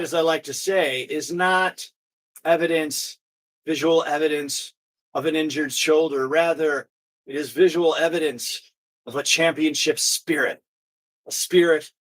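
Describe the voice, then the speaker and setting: A man's voice: fairly high pitch, a bit bright. A middle-aged man leading an online exercise class over a video call, encouraging and upbeat, telling stories between movement cues.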